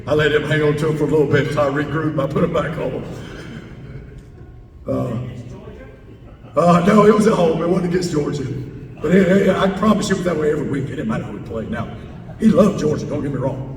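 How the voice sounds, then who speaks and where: A man's voice: brisk, long pauses, crowd noise. A man, a head football coach speaking to a club and taking audience questions, stressing points by repeating words. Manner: emphatic, repeats key words. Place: large meeting hall indoors. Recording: roomy hall, distant mic, faint rumble.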